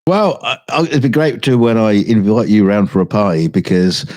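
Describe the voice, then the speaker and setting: A man's voice: lowish voice, animated, normal speed, darkish tone, dry recording. A man co-hosting a casual chat show, teasing his co-host with mock-serious banter and laughing at his own jokes. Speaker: podcast co-host.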